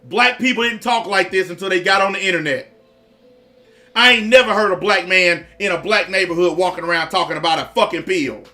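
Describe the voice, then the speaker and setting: A man's voice: high voice, brisk, sharp tone, faint music behind. A man giving blunt, profane reaction commentary in a repetitive rant.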